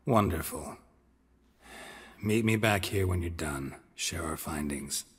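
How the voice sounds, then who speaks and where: A very deep, stoic monster hunter. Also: male voice, takes it slowly, slightly rough, big-room sound, exaggerated voice. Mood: terse. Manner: terse, dry, flat delivery. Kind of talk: video game voice acting.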